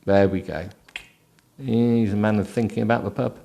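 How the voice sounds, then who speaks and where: A tired man with a low voice reads a book aloud as a host, breaking off for sarcastic, mocking commentary. His tone is dry and sleepy. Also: steady tone, normal speed, creaky, dark tone, a little hiss or hum. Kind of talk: comic book reading with running commentary.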